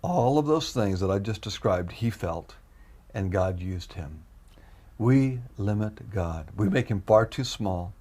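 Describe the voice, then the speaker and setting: A man giving an emotional testimony as a guest, animated and repeating himself as he acts out his own prayers. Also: on the low side, a little slow. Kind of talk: emotional storytelling.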